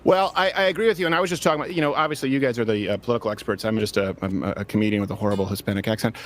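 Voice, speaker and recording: A man who is a comedian, hosting a joking panel discussion with quick asides. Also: lowish voice. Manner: animated, wisecracking, quick asides. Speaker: host. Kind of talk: joking election-night panel talk.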